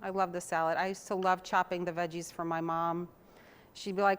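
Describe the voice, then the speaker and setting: A woman's voice: fairly low pitch, flat delivery, brisk, smooth. A young woman hosting a TV cooking show, chatting in a homey way while she chops and mixes. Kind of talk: casual cooking demonstration.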